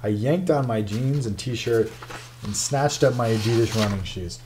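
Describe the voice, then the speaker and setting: A man's voice: medium pitch, moderate pace, a little mellow, slight background noise. A man narrating a first-person memoir in a wry, confiding storytelling manner. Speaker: audiobook narrator.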